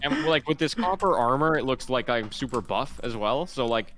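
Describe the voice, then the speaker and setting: A man co-streaming a video game in casual chat, relaxed and hesitant, full of fillers. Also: medium pitch, moderate pace, noisy background.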